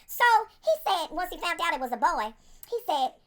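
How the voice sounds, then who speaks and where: A woman giving a casual review in a profane, sassy, animated storytelling manner. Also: very high-pitched, normal speed. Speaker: video reviewer.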